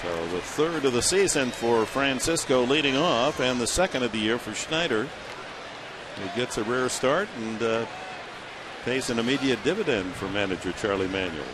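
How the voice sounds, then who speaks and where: Man, baseball play-by-play, steady informative delivery, slightly hoarse, loud stadium crowd. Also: medium pitch, moderate pace. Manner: steady, informative game calling. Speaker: play-by-play announcer. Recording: broadcast booth over loud stadium crowd. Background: loud stadium crowd noise.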